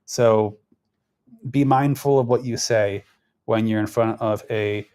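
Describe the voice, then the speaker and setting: A man's voice: on the low side, steady tone, takes it slowly, darkish tone, clean tone. Rambling man talking politics. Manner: rambling, conversational, frequent restarts and fillers. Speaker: political commentary host. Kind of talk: casual political commentary.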